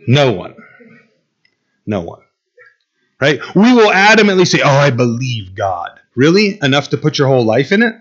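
A man's voice: on the high side, very animated, normal speed, long pauses, fairly bright tone, dull audio. A man preaching a sermon to a Bible class, emphatic, asking his listeners questions and repeating key phrases. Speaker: pastor teaching a Bible class.

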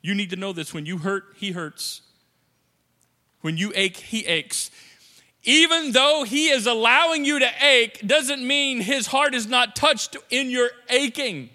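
With long hall reverb around him, a pastor preaches in an extremely high-pitched, sharp voice, taking his time. He keeps things playful and conversational, frequently voicing quoted lines as different characters.

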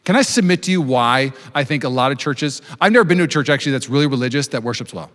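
A man in his thirties preaching a sermon to his church, talking fast with jokes and self-deprecating asides. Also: mid-range voice, fairly bright tone. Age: 30s. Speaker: pastor. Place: church auditorium with live congregation. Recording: long hall reverb.

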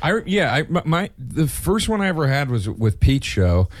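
A man's voice: fairly high pitch, big pitch swings, moderate pace, no echo. Rambling man telling stories, dry sound. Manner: rambling storyteller, many fillers and restarts. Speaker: comedian and podcast host. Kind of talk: casual chat.

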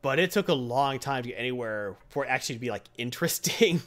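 A man casually reviewing a comic series, rambling and animated, acting out voices while telling a joke. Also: medium pitch, quick pace.

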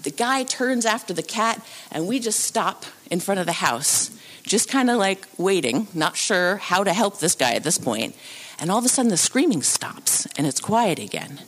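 Into a microphone on a theatre stage, a woman tells a true story live, animated and acting out the voices and sounds of the people in it. Her pitch is medium and her pace moderate.

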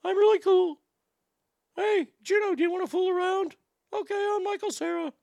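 A man putting on a mocking, awkward, high falsetto impression of a shy young male actor. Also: steady tone, moderate pace, vocal fry, darkish tone, no room sound.

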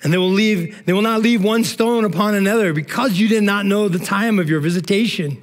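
High-voiced man preaching a sermon. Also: a little fast. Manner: emotional, conversational preaching with repeated "man" and "all right". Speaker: pastor.

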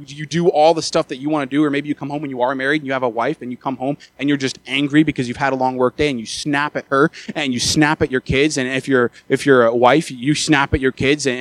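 A man preaching a sermon, often repeating and restarting his words, who rises from quiet talk to loud, urgent appeals. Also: medium pitch, no echo. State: out of breath after the peak.

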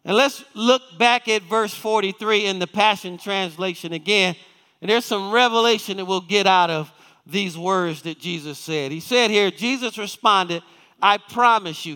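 In a large church sanctuary, a man preaches a sermon in a clean, sharp, high-sitting voice. He asks his congregation questions and reads scripture, delivering the quoted lines slowly and with emphasis.

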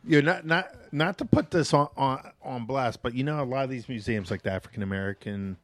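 A man's voice: mid-range voice, fairly quick, no echo. A man co-hosting a podcast, chatting casually and teasing his co-host, with many "like" fillers. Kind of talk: casual chat.

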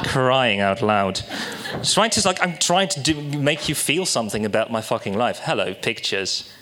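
A man performing a halting, confessional stand-up set at a small live venue, darkly joking with the audience. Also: medium pitch, expressive, a crowd in the background.

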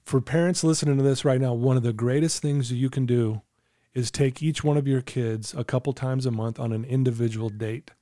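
Earnest man with a warm, dry voice. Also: mid-range voice, fairly even intonation, brisk, dry recording. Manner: earnest, coaching tone with anecdotes. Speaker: podcast guest. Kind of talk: casual podcast chat.

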